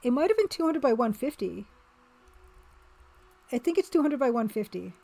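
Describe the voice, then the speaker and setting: A woman's voice: sits high, sing-song, moderate pace, vocal fry, dark tone. A woman chatting casually on her art live stream, rambling and answering chat as she works. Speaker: streamer and pixel artist.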